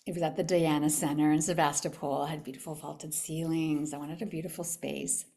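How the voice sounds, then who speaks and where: Animated woman telling her story to an audience. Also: low voice, fairly quick. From California. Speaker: summit speaker. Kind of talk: motivational talk to a live audience. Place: event room with a live audience.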